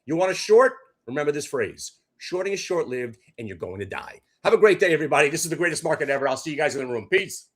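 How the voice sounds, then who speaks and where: A man's voice: a little high, animated, fast talker, few pauses. Brash, punchy male day trader. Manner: brash, punchy trash talk. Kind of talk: hyped trading recap.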